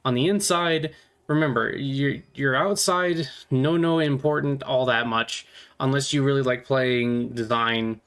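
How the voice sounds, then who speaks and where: Brief: goofy man chatting casually about his miniatures, mid pitch. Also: measured pace, a bit bright, smooth. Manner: playful, goofy, rambling. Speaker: miniatures hobby vlogger. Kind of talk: casual rambling chat.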